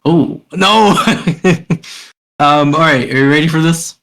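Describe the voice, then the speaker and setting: A man's voice: fairly high pitch, slow pace, gravelly, fairly bright tone. A man co-hosting a podcast, chatting casually and hesitantly with plenty of fillers. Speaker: podcast co-host. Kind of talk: casual chat.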